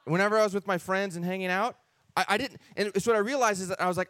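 A man with a somewhat higher voice tells his faith testimony in an earnest, animated way. The recording is dry, close and without room sound. He keeps slipping into acting out his own past thoughts. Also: rapid-fire, no echo. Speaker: person sharing a faith testimony. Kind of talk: personal testimony storytelling.

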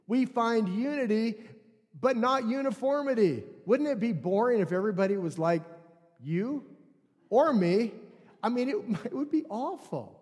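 A high-voiced man preaches to his congregation in an animated, conversational way, slipping in jokes as he goes. His voice carries a long reverb from the church hall around him. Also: a little slow. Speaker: pastor. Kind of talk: sermon.

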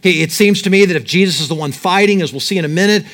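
A man's voice: sits high, racing. A middle-aged male pastor preaching a sermon, reading scripture aloud and acting out the fear of the people in it. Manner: animated, reads scripture aloud and acts out Daniel's terror.

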